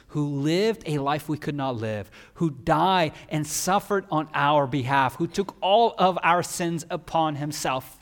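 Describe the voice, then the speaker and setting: Male pastor, emphatic sermon delivery, slightly high voice, long church reverb. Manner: emphatic, swings from loud peaks to quiet.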